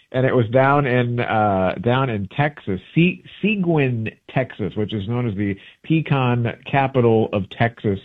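A man, a travel book author, chatting in a radio interview and telling rambling stories, often correcting himself mid-sentence. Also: mid-range voice. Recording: tinny phone-line audio.

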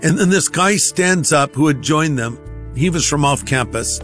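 A man's voice: on the high side, lively intonation, moderate pace, fairly bright tone, soft background music. A male pastor telling a personal testimony in a conversational sermon style, acting out the voices of others. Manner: conversational, acts out quoted voices.

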